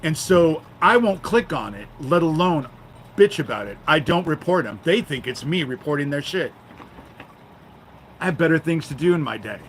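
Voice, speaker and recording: A man's voice: a little high, fairly bright tone, a little hiss or hum. A man ranting on his live stream outdoors by his garden, angry, profane and rambling, shifting into a frustrated prayer. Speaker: livestreamer.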